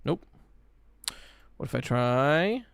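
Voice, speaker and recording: A man chatting casually on a live stream, reacting to a game trailer in an animated, excitable way and swearing casually as he talks to his chat. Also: medium pitch, takes it slowly, gravelly, smooth, dry recording, studio quality.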